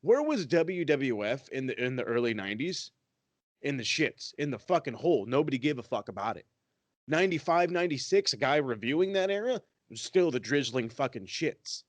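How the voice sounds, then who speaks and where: A man's voice: mid-range voice, very animated, brisk, no echo. Profane, fired-up man ranting. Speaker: podcast co-host. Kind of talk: heated podcast rant.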